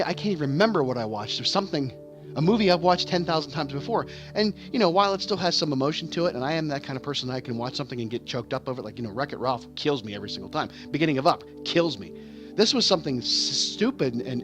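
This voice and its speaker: A man's voice: a little high, lively intonation, fast. Rambling man over game music. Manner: rambling, repeats words, restarts often. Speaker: vlogger and stage actor. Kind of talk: candid casual monologue. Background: game music playing.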